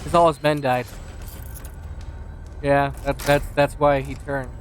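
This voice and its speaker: A man's voice: mid-range voice, little pitch movement, measured pace, slight background noise. A man co-hosting a let's play, chatting casually and chiming in with short remarks while he plays. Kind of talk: casual gameplay chat.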